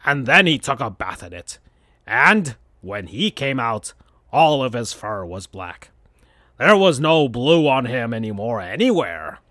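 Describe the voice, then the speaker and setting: A man hosting a podcast, reading fan fiction aloud in a slow deadpan comedic style. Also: medium pitch, dry recording, studio quality.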